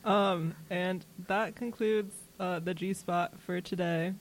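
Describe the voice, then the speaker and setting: A woman's voice: fairly low pitch, steady tone, slow pace, a little hiss or hum. A young woman hosting a radio show, chatting in a breezy, giggly way. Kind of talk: casual radio chat.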